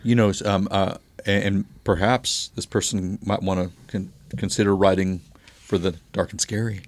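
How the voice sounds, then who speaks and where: A man with a lowish voice chimes in with jokes and playful asides as a podcast co-host. He talks casually and reflects on images from a poem. The recording is close and dry. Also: flat delivery, moderate pace, no room sound. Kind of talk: casual chat.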